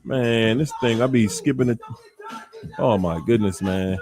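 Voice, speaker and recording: Over background music, a man with a Washington, D.C. African American English accent hosts a laid-back livestream. His voice is medium-pitched and his pace measured as he teasingly calls out viewers by name, laughing a lot.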